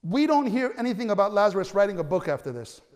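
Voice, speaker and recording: Preaching in a large church hall, a male pastor talks fast in an animated, conversational way. He stammers into restarts and breaks into loud cries at the high points.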